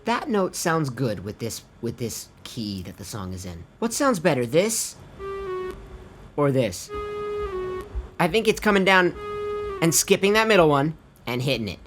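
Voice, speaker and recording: A music producer walks viewers through a vocal tuning tutorial in a casual screen recording, his voice a little high with big pitch swings, a moderate pace and a fairly bright tone. He's chatty and laid-back, swearing offhand and calling the viewers his friends, while faint music plays behind him.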